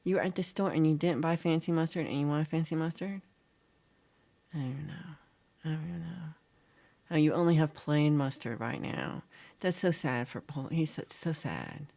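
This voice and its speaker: A woman's voice: sits low, normal speed, vocal fry, dark tone. A middle-aged woman, hosting a casual livestream chat and teasing viewers as she reads their comments aloud. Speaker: livestream host.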